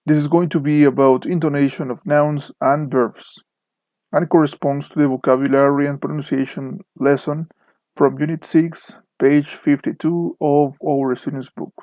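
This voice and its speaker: A man with a Mexican Spanish accent talks through an online English lesson, slowly and deliberately. His voice sits a bit high, and the recording is close and dry with no room sound. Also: steady tone, dark tone, no room sound. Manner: slow, deliberate, spells out word pairs with careful stress. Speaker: English teacher. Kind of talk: online lesson narration over slides.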